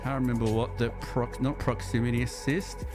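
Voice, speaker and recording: A man's voice: medium pitch, level tone, moderate pace, music in the background. An Australian man chatting casually on a game livestream, rambling and repeating words as he thinks aloud, reading viewer chat as he plays. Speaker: streamer.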